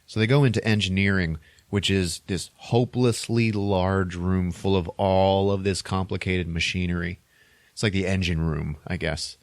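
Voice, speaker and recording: A man hosting a podcast, casually retelling a movie plot in an animated, rambling way with sound effects. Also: low voice, normal speed, no echo. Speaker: podcast host.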